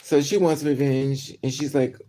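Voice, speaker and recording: A woman chatting on a livestream, telling a story in an animated way with sudden outbursts. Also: sits low, normal speed. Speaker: livestream host. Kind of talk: casual storytelling.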